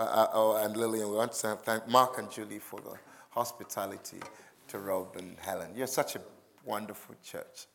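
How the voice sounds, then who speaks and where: A man preaching a sermon as a visiting speaker, chatty and self-deprecating, reading scripture aloud to a church congregation. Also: mid-range voice.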